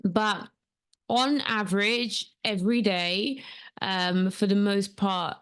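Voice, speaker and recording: A woman's voice: mid-range voice, fairly even intonation, takes it slowly, fairly bright tone, clear, resonant tone. A woman hosting a solo coaching podcast, talking casually with frequent ums and rambling asides. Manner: chatty, rambling, with many ums. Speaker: podcast host and transformational coach. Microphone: camera setup at home.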